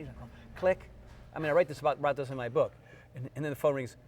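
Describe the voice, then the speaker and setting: A middle-aged man, a fitness trainer, telling lively stories in an interview and acting out the people in them. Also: mid-range voice, fast. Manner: animated storyteller, acts out quotes in funny voices. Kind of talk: storytelling interview. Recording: faint background noise.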